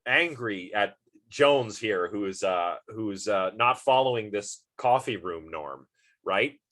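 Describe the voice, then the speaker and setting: A man's voice: on the low side, expressive, slow pace, fairly bright tone. Man giving a thinking-aloud philosophy lecture. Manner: thinks aloud with everyday examples, asks the class questions. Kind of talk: informal university lecture.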